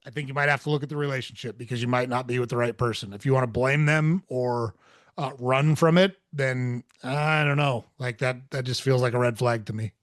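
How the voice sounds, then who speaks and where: A man's voice: mid-range voice, fairly quick, dry recording, clean studio sound. A man in his forties, a podcast host, telling a long personal story in candid, casual talk with frequent swearing. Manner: candid, swears freely, animated when quoting.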